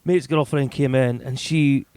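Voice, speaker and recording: A man co-hosting a chatty podcast, spinning loose, profane stories about nights out. His voice sits at an ordinary middle pitch. The sound is close and dry. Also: fairly even intonation, a little slow, darkish tone, clear, resonant tone, no echo. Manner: swears freely, loose storytelling with acted quotes. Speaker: podcast co-host. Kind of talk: casual chat, anecdotes.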